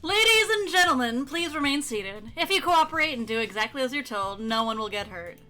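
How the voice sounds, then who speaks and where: Brief: woman as over-the-top villain, bright, hammy, declamatory. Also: sits high, lively intonation, brisk, soft background music. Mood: grandiose. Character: hammy male supervillain, grandiose and theatrical.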